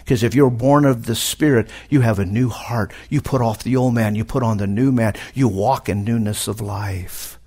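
A middle-aged man preaching a sermon at a conference, animated, with sudden loud emphatic rises. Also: medium pitch, moderate pace, few pauses, slightly rough. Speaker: pastor. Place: conference hall.

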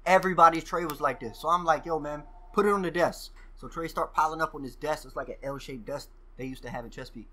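Male guest, casual profane storyteller, animated delivery, bright tone. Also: fairly high pitch, fast, few pauses. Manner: profane, animated storyteller who acts out quoted exchanges. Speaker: podcast guest.

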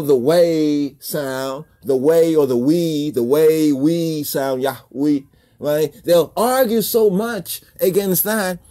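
A man's voice: on the high side, mellow. A man hosting a religious video, talking in a casual monologue full of repeated rhetorical questions and chuckles.

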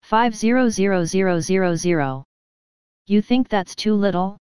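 Woman narrator doing a shrewd young lord haggling, measured, very clean dry voice. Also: medium pitch, darkish tone, clean tone, dry recording, natural voice. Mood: bargaining. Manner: measured, bargaining. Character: calculating young male lord, shrewd bargainer.

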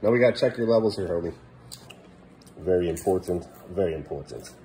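A man's voice: animated, a little fast, warm tone, a little hiss or hum. Weary dad talking to his kids at home. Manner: weary, exasperated parent, often talking low and mumbly; raises his voice at a defiant child. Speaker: father. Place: family home kitchen.

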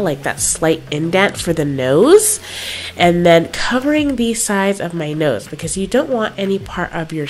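Nasal-sounding sick young woman. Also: lowish voice. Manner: chatty, filler-heavy. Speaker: makeup vlogger. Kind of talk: casual makeup tutorial voice-over.

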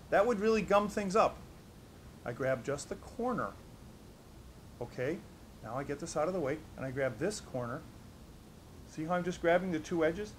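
A man's voice: a little high, lively intonation, a little fast, slight background noise. A man teaching as a doctor, demonstrating a hands-on technique and repeating the key steps with emphasis. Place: studio against a black backdrop.

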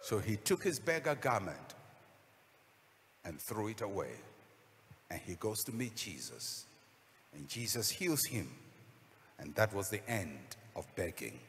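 A man's voice: deep voice, long reverb tail, a little hiss or hum. A man preaching a sermon as a pastor, telling a story dramatically and acting out the voices.

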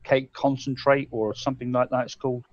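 A man's voice: medium pitch, steady tone, fairly quick, darkish tone, no echo, dull audio. An English man co-hosting a casual live-stream chat, rambling and swearing freely as he acts out his own thoughts. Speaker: co-host.

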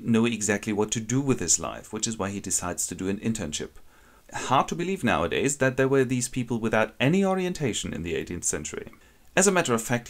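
A man wryly retelling a classic novel as a comic summary. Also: fairly low pitch. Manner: wry, ironic storytelling. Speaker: narrator.

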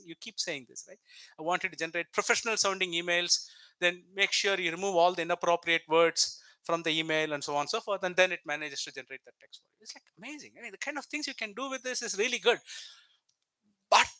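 A man's voice: sits high, pushed and bright, no echo, low-quality recording. A man giving an explanatory lecture, walking through examples step by step and checking in with frequent tag questions. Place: lecture hall.

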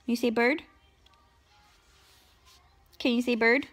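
A woman's voice: fairly high pitch, fairly even intonation, slow, a bit bright, faint music behind. A young mother, playfully coaxing her toddler to say words in a casual home vlog. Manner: sing-song baby talk, playful and coaxing. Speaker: vlogger, mother.

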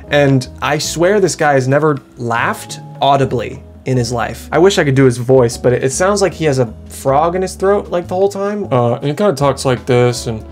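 A young adult man chats casually to the camera in a rambling, self-mocking vlog, laughing often and restarting his sentences. His pitch is mid-range for a man, and soft music plays faintly beneath him.

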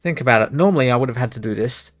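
A young man with a medium-pitched voice talks very fast as he streams a speedrun. He gives live commentary, muttering to himself and exclaiming at the game.

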